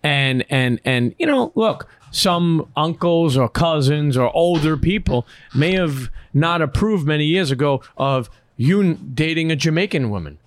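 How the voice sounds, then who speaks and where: A man's voice: fairly high pitch, lively intonation, measured pace, hardly any pauses, slight background noise. Earnest male podcast host. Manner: earnest, keeps saying "listen". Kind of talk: casual podcast interview.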